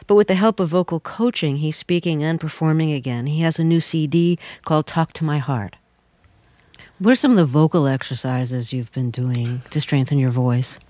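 Measured radio interview host. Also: female voice, low-pitched, darkish tone, dry recording. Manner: measured, polished questioning. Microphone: studio microphone.

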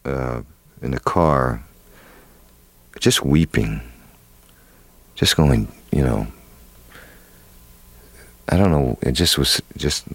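A man's voice: very deep voice, animated, very slow, pauses often, breathy edge, dry recording. A man, an actor, telling a long story in an interview, rambling with many fillers and restarts. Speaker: actor guest.

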